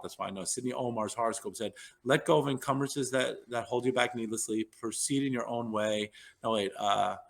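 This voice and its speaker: A man's voice: mid-range voice, fairly bright tone. A man in his fifties telling long, rambling stories as an interview guest, with many fillers and restarts. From New York. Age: 50s. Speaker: podcast guest, neurologist. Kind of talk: casual storytelling interview.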